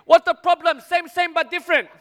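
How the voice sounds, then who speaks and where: A man's voice: very high voice, flat delivery, a little fast, sharp tone, long reverb tail, pitched above the performer's own voice. A man voicing a haggling male market stall seller who pleads dramatically in broken English. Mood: protesting.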